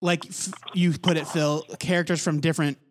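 A man co-hosting a casual talk show, relaxed and agreeable, mostly chiming in briefly. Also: a little high, moderate pace.

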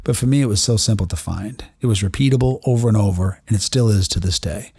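A middle-aged man with a gravelly, creaky edge hosts his own podcast, speaking earnestly and reflectively to the listener. The sound is close and dry, with no room around it. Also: fairly low pitch, fast talker, warm tone, dry recording. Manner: earnest, self-reflective, addresses listener directly. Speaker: podcast host, doctor treating patients. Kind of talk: solo motivational podcast monologue.

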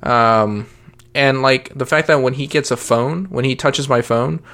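Man, thirties, gravelly voice, easygoing rambling chat about kids; natural delivery. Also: medium pitch, unhurried, fairly bright tone. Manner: rambling, many fillers and restarts. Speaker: parent podcast guest. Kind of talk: casual chat.

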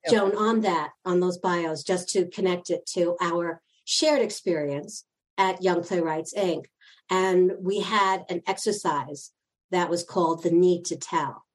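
A woman's voice: on the low side, a little slow. Older woman asking interview questions. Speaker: interviewer, actor. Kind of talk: conversational interview.

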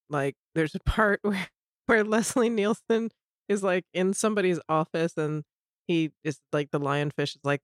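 A woman co-hosting a podcast in casual chat, telling rambling stories full of "like" and quick laughs. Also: low voice, no room sound, studio quality. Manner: rambling storyteller, heavy on "like", laughs often. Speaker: podcast co-host.

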